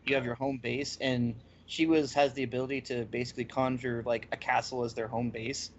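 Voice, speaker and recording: A man hosting a podcast, recapping a story in casual chat with lively, stop-and-start storytelling. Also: mid-range voice, brisk, slight background noise. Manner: animated storytelling with frequent restarts. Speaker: podcast host. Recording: slightly muffled lo-fi audio.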